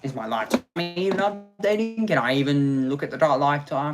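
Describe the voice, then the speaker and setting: A man's voice: a little high, moderate pace, hardly any pauses, faint music behind. A man hosting a live motorsport watch-along, talking to his viewers in a sarcastic, exasperated way and muttering to himself.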